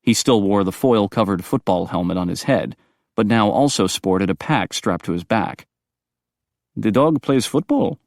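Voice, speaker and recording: A man reading audiobook narration in a brisk, expressive storytelling manner. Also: low-pitched, dry recording, studio quality.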